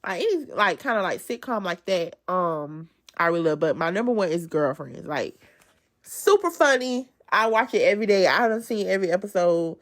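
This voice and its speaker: A woman's voice: fairly low pitch, very animated, moderate pace. A woman giving an amped-up devotional talk in a casual, colloquial way and addressing her listeners as y'all. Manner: swings between loud emphasis and soft asides. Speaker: speaker giving a devotional testimony.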